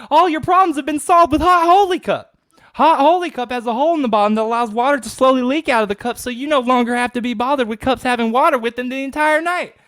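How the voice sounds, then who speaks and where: A man voicing an overexcited male infomercial announcer with an emphatic sales pitch. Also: a bit bright.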